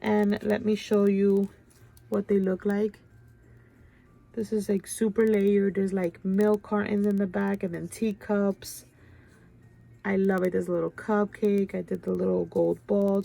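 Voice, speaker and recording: A woman's voice: medium pitch, gravelly, mellow. A woman hosting a craft channel, chatting casually and gushing over her work with a stuffy nose. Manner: gushing, chatty, keeps saying "you guys". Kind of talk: casual show-and-tell chat.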